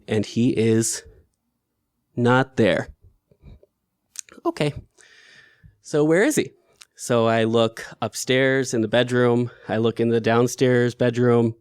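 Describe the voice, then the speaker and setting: A man with a mid-range voice tells a personal story in an earnest, emotional way. His pitch climbs sharply in the upset moments. The sound is dry, with no room echo. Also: clear, resonant tone.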